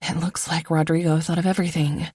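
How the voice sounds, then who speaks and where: Woman reading the part of a calm protective guy, firm and low, audiobook. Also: fast talker, husky, dry recording, clean studio sound. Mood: firm caring. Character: protective, commanding man, a caring leader.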